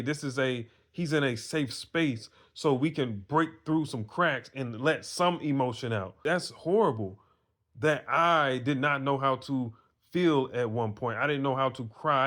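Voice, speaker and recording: A man's voice: medium pitch, fairly bright tone. A man, telling a personal story in a casual monologue, earnest and preachy, with some swearing. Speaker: vlogger giving advice to men.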